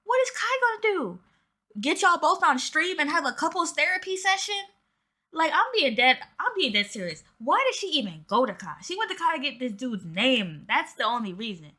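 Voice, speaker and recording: A woman's voice: high-pitched, big pitch swings, brisk, bright, forceful tone. A woman giving casual commentary straight to her viewers. She talks in an emphatic, slangy way. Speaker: commentary YouTuber.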